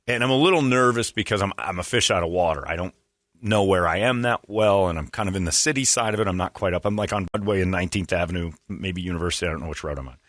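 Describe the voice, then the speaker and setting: A man hosting a podcast, telling a comedic story in casual chat, animated and jumping into loud high voices for quoted people. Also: quick pace, no echo, studio quality. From Phoenix area, US. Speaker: podcast host.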